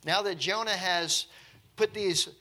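A man's voice: high voice, measured pace, sharp tone. A man preaching a sermon in a conversational, emphatic way, with light chuckles now and then.

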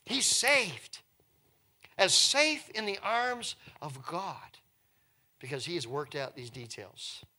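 This preacher's voice is high and his pace slow. His sermon unfolds as animated storytelling, moving from whispers to loud passages, with words frequently repeated.

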